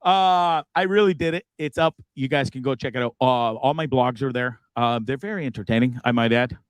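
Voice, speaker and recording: A man's voice: mid-range voice, a little fast, no room sound. A man hosting a casual livestream from a bus, rambling, swearing and laughing at himself. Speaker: host.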